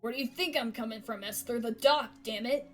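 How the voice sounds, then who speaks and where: A woman's voice: fairly high pitch, fairly quick, fairly bright tone, faint music behind, natural voice. A woman voicing a weary middle-aged father in a game, exasperated and then pleading.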